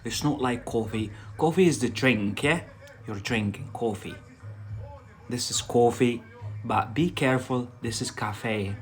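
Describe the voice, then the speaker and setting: A man teaching English in a live lesson, talking very slowly at an average pitch. He explains step by step, hesitates often with fillers and restarts, and keeps checking with a quick "yeah?". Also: soft background music. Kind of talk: live online vocabulary lesson.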